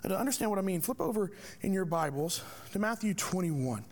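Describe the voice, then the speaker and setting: A man's voice: sits high, lively intonation, a little fast, a little hiss or hum. A man preaching a sermon as a pastor, asking rhetorical questions with emphatic delivery.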